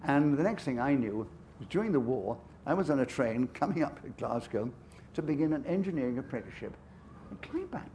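A man's voice: mid-range voice, animated, fairly quick, warm tone, slight background noise. An older man with an English upper-class accent, a guest author telling anecdotes on stage in a chatty, self-amused way with frequent asides. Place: festival stage.

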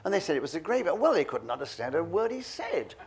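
Older man telling lively stories. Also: a little high, fast talker. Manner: lively storyteller, acts out voices. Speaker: interviewee. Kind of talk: reminiscing anecdotes.

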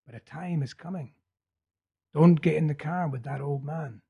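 A man reading the part of a feverish young man urgently telling a vision, in a husky voice. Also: a little high, normal speed, muffled recording, full character voice. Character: feverish young male prophet, intense and urgent.

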